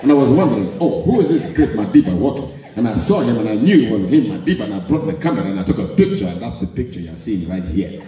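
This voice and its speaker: A man voicing an earnest South African man who haltingly tells an interviewer his story. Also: fairly low pitch, very animated, mellow, pitched below the performer's own voice. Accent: South African, as mimicked. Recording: echoey live hall, distant mic.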